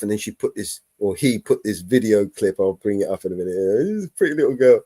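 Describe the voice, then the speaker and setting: Sarcastic male streamer, animated swooping delivery, dry close sound. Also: on the low side, fast, hardly any pauses, slightly rough, no room sound. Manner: sarcastic, laughing, swearing. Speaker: live stream host. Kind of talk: casual live stream commentary.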